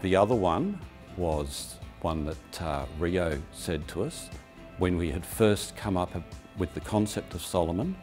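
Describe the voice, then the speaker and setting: Man, very deep voice, measured anecdotes, faint music. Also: lively intonation, darkish tone. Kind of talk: recollecting interview.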